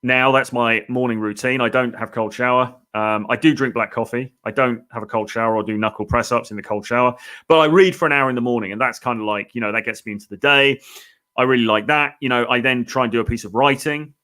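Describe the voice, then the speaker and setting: A man's voice: medium pitch, steady tone, quick pace, pushed and bright. A British man hosting a live Q&A as a dating coach, reading out viewer comments and thinking aloud in a loose, chatty way. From Britain.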